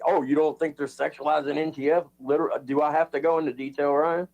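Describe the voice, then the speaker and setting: A man's voice: fairly high pitch, little pitch movement, fast talker, vocal fry, a little mellow, lo-fi sound. A man streaming a heated online argument, taunting and insulting the other speaker in a mocking tone.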